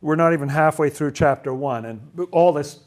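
A man's voice: fairly high pitch, moderate pace. Chatty man leading a Bible study. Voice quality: asks lots of questions, chatty, stumbles and restarts. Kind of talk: casual Bible study teaching.

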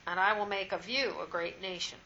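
A woman reading scripture aloud at a steady, measured pace in a Bible study. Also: mid-range voice, dull audio, slight background noise. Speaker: scripture reader.

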